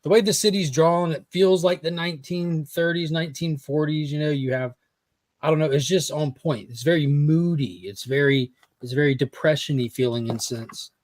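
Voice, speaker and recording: Relaxed, chatty man, fairly high voice. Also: normal speed, dry recording. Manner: laid-back, chatty, laughs at own jokes. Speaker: podcast co-host. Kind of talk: casual comics discussion.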